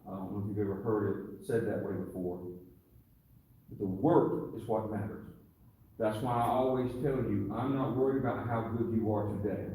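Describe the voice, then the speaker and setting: A man's voice: lowish voice, fairly even intonation, normal speed, warm tone. A middle-aged man, a karate instructor, speaks earnestly and reflectively to his class in a dojo. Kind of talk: addressing a class. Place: dojo, indoors. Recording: echoey hall from far off.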